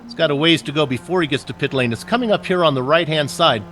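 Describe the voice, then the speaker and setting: Joking, bright-voiced race color commentator. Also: male voice, a little high, fast, a little hiss or hum. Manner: joking, chatty, with fillers and asides. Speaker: sim racing color commentator.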